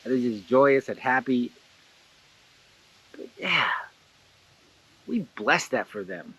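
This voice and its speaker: A man hosting a casual guided blessing exercise, animated and laughing often, jumping into excited high voices when he quotes someone. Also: slow pace, husky, dull audio. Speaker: host guiding a blessing exercise. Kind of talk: casual guided meditation talk.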